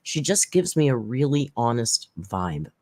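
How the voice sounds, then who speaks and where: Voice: medium pitch, very animated, unhurried, a little mellow. Blunt, rambling commentary host. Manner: rambling and blunt, with frequent restarts and asides. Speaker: drama commentary channel host. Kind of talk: casual spoken commentary.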